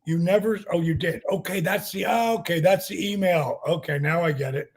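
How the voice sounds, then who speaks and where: An older man with a notably high speaking voice tells a rambling story as a podcast guest. He swears freely, leans on fillers, and performs the lines of the people in his story. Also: a little fast, slightly rough. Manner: profane, acts out quotes, lots of fillers. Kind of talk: animated storytelling.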